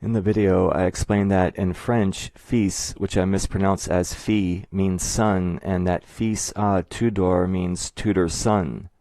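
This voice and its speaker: Male narrator for an explainer: deep voice, dry close-mic sound, measured and methodical. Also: steady tone, dark tone, dry recording. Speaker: video essayist.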